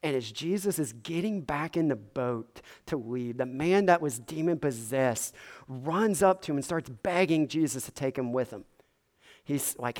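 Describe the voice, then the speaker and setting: A man's voice: mid-range voice, expressive, measured pace, a little mellow. A man preaching a sermon, retelling a story in a conversational way with many casual fillers.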